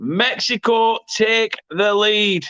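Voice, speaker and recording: English male watchalong host, high tense voice, excitable play-by-play, correcting himself as he goes. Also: slow, smooth, no room sound, lo-fi sound. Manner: excitable, self-correcting, erupts at goals. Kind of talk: live match commentary.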